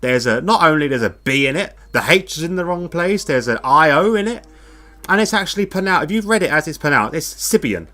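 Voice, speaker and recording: Bright-sounding guy doing live race commentary, chill, laughs at himself a lot. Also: fairly high pitch, expressive, a little fast. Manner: laid-back, self-mocking, laughs often. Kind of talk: live esports racing commentary.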